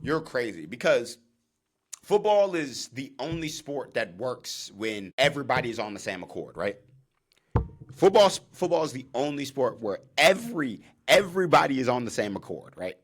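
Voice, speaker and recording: A young man hosting his own podcast, talking casually and with animation, jumping into loud acted-out on-field calls. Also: medium pitch, big pitch swings, normal speed. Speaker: podcast host, former college defensive back.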